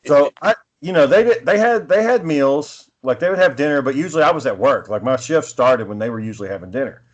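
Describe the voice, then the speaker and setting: A man's voice: mid-range voice, expressive, a little fast, dull audio. A man co-hosting a podcast, telling a rambling, profane story in a casual, laid-back way. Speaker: podcast co-host.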